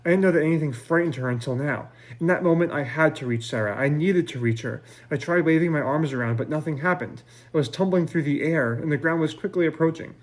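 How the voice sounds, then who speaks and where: A male author reading his novel aloud in measured first-person narration at a library event. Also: fairly high pitch.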